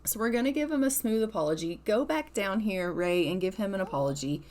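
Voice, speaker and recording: Woman, gaming creator, chatty let's-play narration, mid pitch, storytelling manner. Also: lively intonation, a little fast, a little mellow. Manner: chatty, retells scenes with "she's like".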